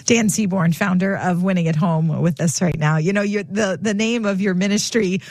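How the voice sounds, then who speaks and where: A woman's voice: medium pitch, normal speed, a little mellow, dry recording. A woman hosts a radio interview, asking her questions in a loose, conversational way. The studio sound is dry and close. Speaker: radio host.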